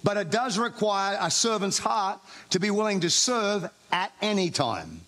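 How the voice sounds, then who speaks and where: A man's voice: high voice, big pitch swings, measured pace, fairly bright tone. A man preaching a sermon in an informal, conversational way. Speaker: pastor.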